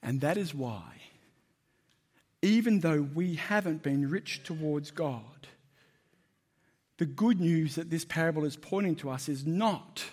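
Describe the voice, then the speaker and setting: A man's voice: on the high side, a little mellow. A man preaching a sermon, conversational and emphatic, asking the congregation questions.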